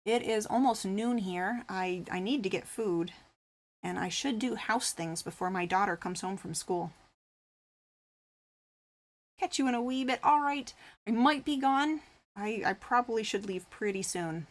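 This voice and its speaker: A woman talks to her live stream audience in a loose, rambling way, peppering her sentences with fillers. She reads viewer comments aloud and responds to them. Her voice sits at an ordinary middle pitch. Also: measured pace. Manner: rambling and chatty, full of "like" fillers. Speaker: craft streamer. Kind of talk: casual chat with live viewers.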